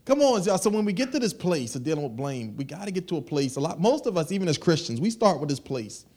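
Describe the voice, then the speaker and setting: A man preaches with a high-pitched voice in a loose, conversational way. He slips into little acted voices to make his points. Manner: animated, conversational preaching with acted asides and laughs. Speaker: pastor. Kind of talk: sermon.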